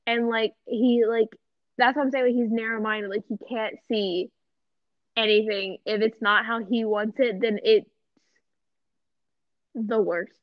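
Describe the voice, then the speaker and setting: A young woman co-hosting a casual podcast chat, rambling excitedly and saying "like" constantly. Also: a little high, a little slow, pauses often, no echo. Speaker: podcast co-host. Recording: dull, dry lo-fi sound.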